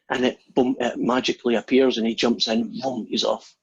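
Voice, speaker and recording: A man's voice: mid-range voice, level tone, normal speed, creaky, slightly rough. A man teaching a math class over a video call, chatty and friendly. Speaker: math instructor. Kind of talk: online class, casual. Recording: dull lo-fi call audio.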